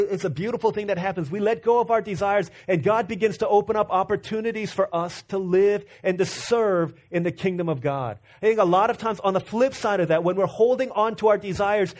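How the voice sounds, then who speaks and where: A man in his thirties preaching a sermon, earnest and repeating himself, dropping to a soft low voice for stories. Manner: earnest, repeats words and restarts, drops to a soft low voice when telling stories. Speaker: pastor.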